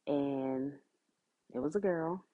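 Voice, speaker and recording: Slow, low-voiced woman telling a story. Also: phone-quality sound. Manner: conversational, many fillers like "like" and "you know". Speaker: podcast host. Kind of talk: personal storytelling.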